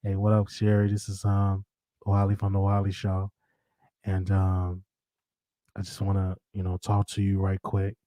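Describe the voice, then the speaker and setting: A man puts on a slow, low, seductive late-night voice, the smooth romancer calling a woman up. His stays, and the sound is dry and close with no room around it. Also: completely flat delivery, dark tone, no room sound. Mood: smooth, romantic.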